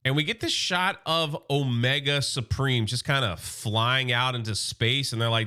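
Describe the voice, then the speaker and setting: A man recapping a comic book in a casual, slangy, excited way. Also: mid-range voice, normal speed, smooth.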